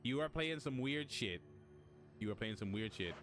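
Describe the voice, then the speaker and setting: A man's voice: medium pitch, animated, moderate pace, soft background music. A man with an Irish accent streaming a game, giving casual, rambling commentary with lots of swearing. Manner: rambling, swears a lot, laughs loudly.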